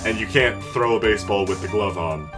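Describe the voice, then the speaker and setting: A man's voice: lowish voice, brisk, music in the background. A man streaming a game, chatting casually and explaining things at length with jokes. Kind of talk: casual chat and reading game dialogue.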